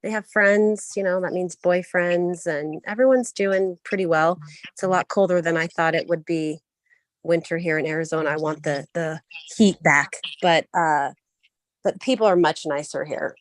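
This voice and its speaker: Quick, gushing woman on a call. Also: fairly low pitch, dry recording. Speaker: call guest. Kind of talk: casual group call chat. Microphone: online voice call.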